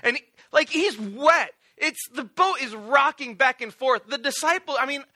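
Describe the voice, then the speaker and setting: A man preaching a sermon in a casual, animated storytelling way with playful asides. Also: very high voice, a little slow. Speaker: pastor.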